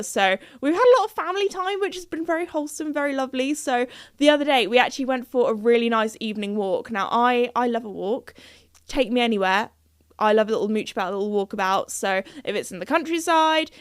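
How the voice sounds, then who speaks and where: A young woman hosting her own podcast, chatting casually and bubbly, often giggling and squealing with excitement. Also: a little high, no echo, clean studio sound. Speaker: podcast host.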